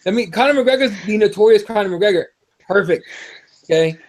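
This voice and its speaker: A man hosting a casual fight-preview show, animated and swearing freely as he rants. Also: high voice, brisk. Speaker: podcast host. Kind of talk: profane casual fight talk.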